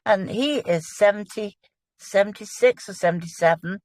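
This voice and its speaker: A woman's voice: mid-range voice, normal speed, dry recording. A woman, a guest in a casual religious discussion, explaining with earnest enthusiasm.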